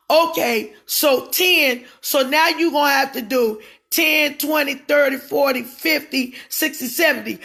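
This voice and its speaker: A woman speaking casually to livestream viewers, emphatic and given to shouting when aggrieved. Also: fairly high pitch, creaky.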